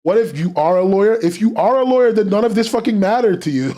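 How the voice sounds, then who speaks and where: A man hosting a casual live-streamed podcast, rambling and swearing freely, and quickly getting worked up as he reacts to chat. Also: sits high, lively intonation, warm tone.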